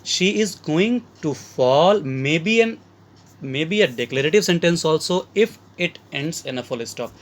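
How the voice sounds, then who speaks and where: A man with an Indian English accent, his voice pitched a little high, teaches from slides. He goes through each example step by step and keeps calling his listeners friends. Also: expressive, measured pace. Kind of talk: slide-based grammar lesson.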